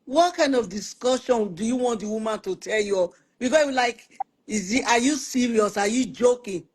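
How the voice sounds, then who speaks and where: Animated woman teaching on marriage. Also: a little high, moderate pace, slight background noise. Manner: animated, acts out spouses' quoted lines; repeats words for emphasis. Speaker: host of a Christian family talk show. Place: online live stream.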